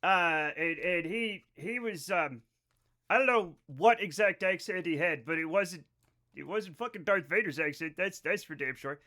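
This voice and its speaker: High, bright-voiced rambling male streamer. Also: normal speed. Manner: rambling, swears freely, talks to chat. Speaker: livestreamer. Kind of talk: casual live-stream chat over gameplay.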